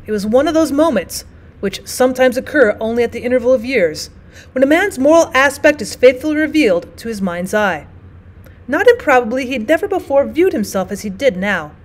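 A woman's voice: a little high, expressive, a little fast. Woman teacher reading a classic aloud. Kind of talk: audiobook narration for students.

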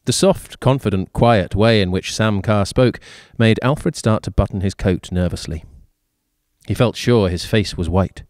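Low-voiced man reading a story. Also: no room sound, clean studio sound. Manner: even, measured reading with occasional fillers. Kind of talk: reading a short story aloud.

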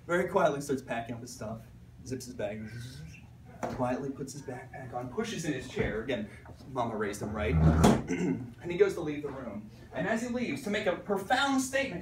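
This male art teacher from Pittsburgh presents at a teachers' conference in a conference room, speaking at normal speed in a mid-range voice. Lively and theatrical, he acts out voices and frequently adds "right?" Background noise and an echoey room come through a distant recording.

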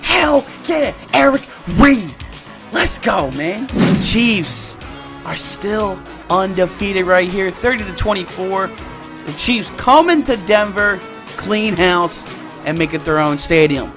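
A young man giving excited, slangy commentary over his own football video game, often shouting and laughing at big plays. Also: sits high, takes it slowly, over music. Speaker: gaming YouTuber. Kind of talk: excited live gameplay commentary.

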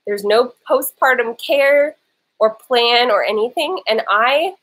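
A woman's voice: on the high side, slow, fairly bright tone, breathy edge, rough recording. A woman vlogger with a lingering cough chatting casually during a live Q&A, sitting on her bed and talking into an old laptop's built-in mic. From lives in Los Angeles. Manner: chatty, interrupted by her small son. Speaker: vlogger answering viewer questions live.

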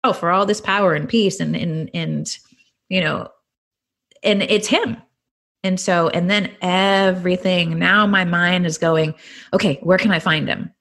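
This middle-aged Californian, appearing as a podcast interview guest, tells her personal testimony in an animated, earnest manner. She has a lowish voice with vocal fry and speaks a little slowly.

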